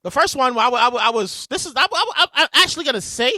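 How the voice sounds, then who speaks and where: A man hosting his podcast, telling stories in a loud, animated casual monologue. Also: very high-pitched, fast, dry recording, studio quality. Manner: animated, loud storytelling with bursts of shouting. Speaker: podcast host. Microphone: podcast mic with a soundboard.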